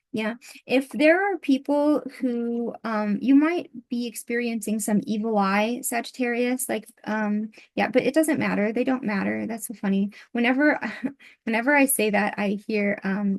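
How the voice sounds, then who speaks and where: A woman giving a channeled tarot reading, speaking in a soft, halting way with many pauses and fillers, her voice getting worn. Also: fairly high pitch. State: losing her voice. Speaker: tarot reader.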